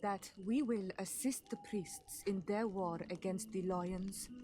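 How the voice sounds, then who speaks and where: A woman's voice: medium pitch, fairly even intonation, a little slow, dark tone, close to an everyday voice. An actress voicing a determined young native woman in a video game, speaking earnestly and directly. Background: game music.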